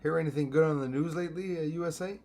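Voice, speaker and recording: A man's voice: on the high side, quick pace, darkish tone. A man hosting a live stream, chatting casually and greeting viewers by name, rambling with frequent restarts. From Canada.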